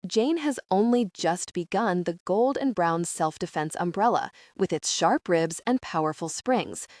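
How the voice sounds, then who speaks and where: A woman narrating an audiobook in a steady, expressive storytelling manner into a close mic. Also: lowish voice, a little slow, no room sound. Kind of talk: scripted narration.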